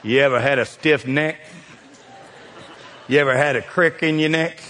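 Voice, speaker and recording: Folksy pastor in a big hall. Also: male voice, mid-range voice, normal speed, slight background noise. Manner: folksy, swings from loud to hushed. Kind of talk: sermon. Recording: reverberant hall.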